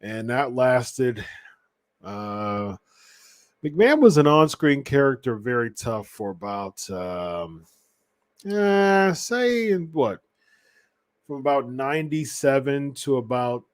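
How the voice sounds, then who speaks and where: A man's voice: mid-range voice, very animated, slow pace, no room sound, studio quality. A man hosting a podcast, chatting casually about wrestling and often correcting himself mid-sentence. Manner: rambling, with frequent restarts and self-corrections. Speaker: podcast host.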